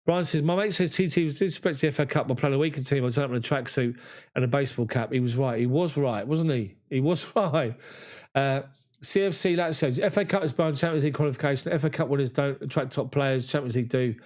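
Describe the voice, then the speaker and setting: A man, hosting a live fan chat after a match and reading viewer comments in an excitable, chatty way. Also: medium pitch, fast. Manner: excitable, chatty, mimics voices in anecdotes. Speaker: fan channel host.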